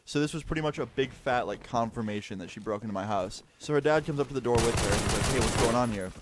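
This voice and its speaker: A young man casually recounting a personal story as a vlogger, chatty and animated with lots of "like" fillers. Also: mid-range voice, fast talker, very noisy.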